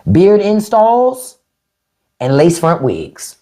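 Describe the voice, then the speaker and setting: On a phone or webcam live stream, a podcast host talks bluntly to her viewers, swearing freely in unfiltered commentary. She has a medium-pitched, dark-toned voice, very animated, and she drags her words out.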